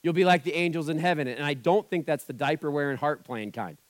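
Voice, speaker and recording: A man's voice: on the high side, quick pace, no room sound. A man preaching a sermon as pastor, talking in a conversational style and acting out the voices he quotes.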